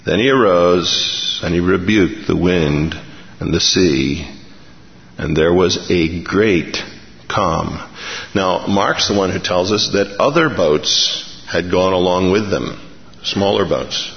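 A man's voice: low-pitched, slow pace, vocal fry. A middle-aged man preaching a sermon, telling stories with animation and acting out the voices of the people in them. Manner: animated storytelling, acts out voices. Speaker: pastor. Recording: echoey hall, dull sound.

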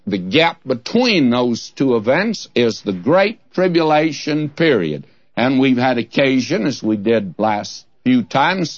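Slow, folksy male preacher. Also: medium pitch. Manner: folksy, humorous storytelling. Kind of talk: radio Bible teaching sermon. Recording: dull, dry lo-fi recording.

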